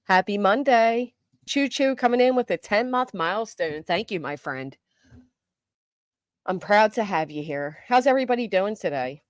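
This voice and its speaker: A middle-aged woman hosting a live stream, chatting casually with viewers, greeting them by name, and talking fast and loud. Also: medium pitch, lively intonation, no echo, studio quality. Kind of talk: casual live chat, reading comments.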